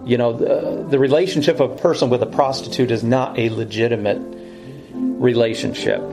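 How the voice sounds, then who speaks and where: A man's voice: medium pitch, steady tone, moderate pace, over music, rough recording. A man teaching through Bible verses in a sermon style, earnest and explanatory, often correcting himself as he goes.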